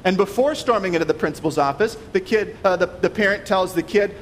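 A man's voice: high-pitched, a little fast, hardly any pauses. A man preaching a sermon, earnest and pleading, often stumbling over repeated words. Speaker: pastor. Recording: long reverb, faint noise.

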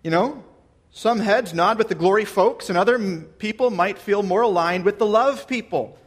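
A pastor preaching a sermon to his church, earnest and measured, asking his listeners questions. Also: sits high, husky.

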